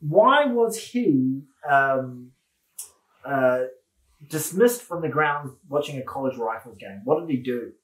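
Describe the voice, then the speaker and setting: A New Zealand man chatting casually as a podcast co-host, with blokey banter and jokes. His voice sits at a middling pitch, and the room around him is noticeably echoey. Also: animated, takes it slowly. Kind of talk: casual chat.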